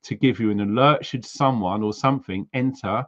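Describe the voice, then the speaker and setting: A man's voice: lowish voice, moderate pace, a bit bright, lo-fi sound. Chatty man hosting a livestream. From United Kingdom. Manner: chatty, reads viewer names and places aloud, frequent ums. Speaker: livestream host. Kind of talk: casual livestream chat.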